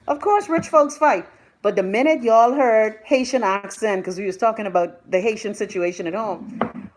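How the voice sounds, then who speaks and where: A young Bahamian woman hosting a live stream, chatting loudly to her viewers, gossipy and swearing freely. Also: medium pitch. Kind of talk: casual live-stream chat.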